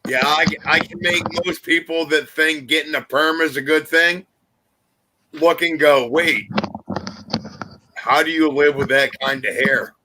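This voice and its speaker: A man in a casual group chat, telling his story in an earnest, unhurried way. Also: fairly high pitch, fairly even intonation, pushed and bright, a little hiss or hum. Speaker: live chat panelist.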